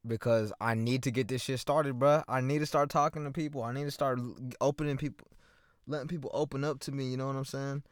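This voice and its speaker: This is a young man from Oklahoma, USA, running a one-man chat podcast from his parked car, speaking profanely and rambling into a microphone with headphones. He talks quickly in a steady tone at medium pitch, and the sound is clean studio quality without echo.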